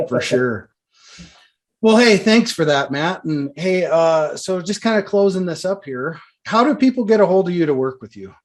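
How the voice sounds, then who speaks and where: A man's voice: fairly high pitch, expressive, measured pace. A man hosting a business podcast, casual and loose, laughing often. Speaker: podcast host.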